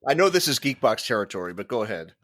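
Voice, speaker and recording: Quick-talking man on a dry mic. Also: fairly low pitch, sing-song, a bit bright, no room sound. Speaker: podcast co-host. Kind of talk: casual chat.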